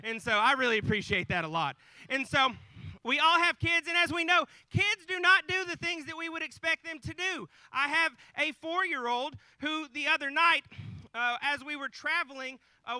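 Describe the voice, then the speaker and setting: This comic nativity story comes from a thirties-aged male storyteller performing live, folksy in tone and full of jokes and remarks aimed at the audience. He speaks in a very high, pushed, bright voice. There's no room sound, and the audio is rough.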